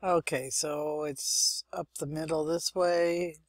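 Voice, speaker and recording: Slow and fairly even in intonation, this young gaming channel host has a deep voice recorded with no room sound. She gives let's-play commentary, chatting, thinking aloud, and muttering asides as she plays.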